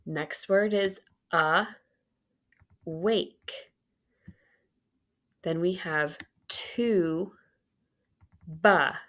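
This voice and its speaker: A woman's voice: lowish voice, fairly bright tone. A woman teaching a phonics lesson, patiently sounding out and drawing out words and syllables. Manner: slow, patient, drawn-out enunciation of sounds.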